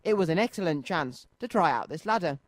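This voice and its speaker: A man's voice: fairly high pitch, lively intonation, a little fast, no room sound, lightly acted. A man voicing a modest, kindly toy fireman who is eager for rescues, in a children's storybook reading.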